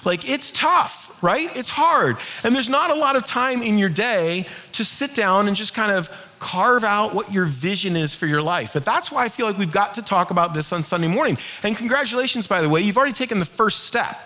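A middle-aged male pastor preaches with a high, bright voice. He keeps it conversational and lively, pulling the congregation into call-and-response. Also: normal speed, few pauses. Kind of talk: sermon.

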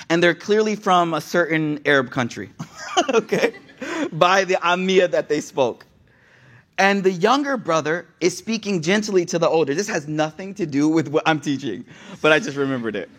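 High-voiced young man preaching. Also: normal speed. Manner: animated, digressive storyteller who talks straight to the audience. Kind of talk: casual sermon.

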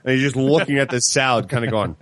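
A man's voice: medium pitch, quick pace, no room sound. A man in casual chat, jumping in to tell his side and acting out what others said. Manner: lively, acts out quotes with shifting voices.

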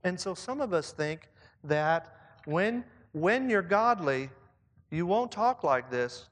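A man's voice: high voice, expressive, slow pace. A man leading church leaders in a conversational sermon, reflective and asking his listeners questions. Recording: long reverb, as in a hall.

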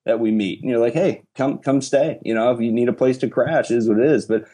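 Man, casual chat, mellow dark voice, rambling, profane. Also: medium pitch, fast. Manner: rambling, profane, laughs often.

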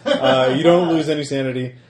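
A man's voice: mid-range voice, a little fast, reverberant, a crowd in the background. A man narrating a tabletop horror game as game master, talking in a hesitant way with many fillers and restarts.

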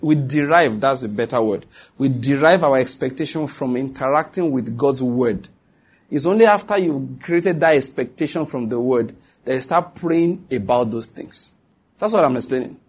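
A male preacher with a husky, breathy voice at a middle pitch delivers a sermon. He presses his points through repetition and keeps asking his listeners whether they follow. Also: darkish tone. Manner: emphatic and repetitive, with asides to the listeners. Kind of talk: sermon to a congregation.

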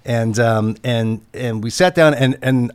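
A man working as a camera operator, telling a casual anecdote in a halting way and chuckling as he goes. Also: mid-range voice, smooth, dry recording, clean studio sound. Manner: halting, chuckles through the story.

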